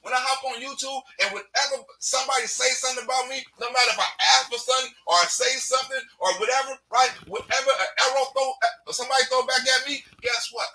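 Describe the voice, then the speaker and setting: A man with a very high, piercing voice delivers a heated, unscripted rant to his channel's viewers. He often shouts, swears freely and keeps firing a tag question at the listener. He sits some distance back from the mic. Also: fairly even intonation, quick pace, few pauses, slight background noise. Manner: profane and blunt. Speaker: comedian and YouTuber. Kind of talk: preachy unscripted rant to camera.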